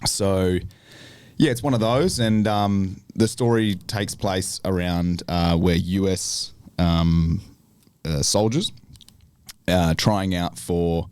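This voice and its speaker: Young Australian actor as a podcast guest, low voice, dry sound, loose and profane storyteller. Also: male voice, takes it slowly, clean tone, no room sound. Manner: swears freely, acts out the other voices in his stories; restless and animated when he retells the big moments. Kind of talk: casual storytelling chat.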